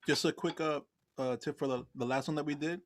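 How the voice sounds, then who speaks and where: A man's voice: fairly high pitch, fairly even intonation, fairly quick, no echo. A man taking part in a drum lesson, offering practice tips in a casual, hesitant way. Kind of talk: casual chat.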